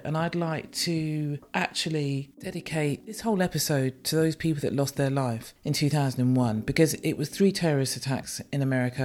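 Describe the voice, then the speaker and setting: A woman's voice: deep voice, a little mellow. A woman from the UK, hosting a solo podcast and speaking frankly and emotionally, swearing freely. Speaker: podcast host.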